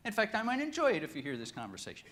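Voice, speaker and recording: A man's voice: high voice, huge pitch swings, racing, fairly bright tone, pitched above the performer's own voice, full character voice. A man doing a polite eager teenage boy.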